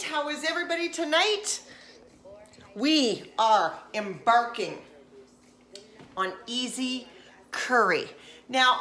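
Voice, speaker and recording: A woman's voice: on the high side, a bit bright. A chatty, jokey woman, cooking in her home kitchen while chatting on a live stream. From Nova Scotia, Canada. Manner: chatty and jokey, slips into put-on silly voices. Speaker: vlogger.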